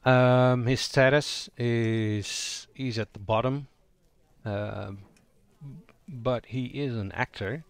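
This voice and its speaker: A man's voice: mid-range voice, steady tone, slow pace, clean tone, no echo. A man giving a casual spoken tutorial on voicing roleplaying characters, thinking aloud and improvising as he goes. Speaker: roleplaying game player explaining character voices.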